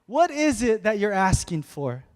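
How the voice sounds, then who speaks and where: Preacher voicing a gentle, low-spoken healer. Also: male voice, sing-song, unhurried, big-room sound.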